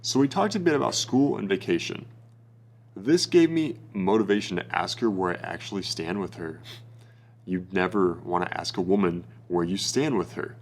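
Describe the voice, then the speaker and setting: Young man, lowish voice, blunt swearing dating coach, casual bro talk. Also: normal speed. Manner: blunt, profane, bro-ish. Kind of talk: casual advice monologue.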